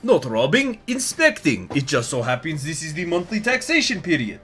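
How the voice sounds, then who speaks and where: A man's voice: on the high side, big pitch swings, normal speed, bright, forceful tone, faint music behind, voice pushed up. A man voicing a mocking, lazy male bandit soldier, in an attempted Russian accent that drifts toward Scottish. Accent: attempted Russian slipping into Scottish.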